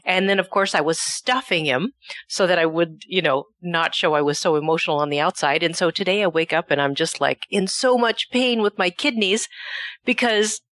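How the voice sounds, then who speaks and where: A woman's voice: lowish voice, normal speed, fairly bright tone, no echo, studio quality. A woman hosting a talk show who chats in a personal, conversational way. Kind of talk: casual talk show chat.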